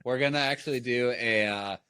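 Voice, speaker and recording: A man's voice: mid-range voice, brisk, pushed and bright, smooth, dry recording. Rambling Midwestern man hosting a podcast. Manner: rambling, filler-heavy. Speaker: podcast host. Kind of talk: casual chat.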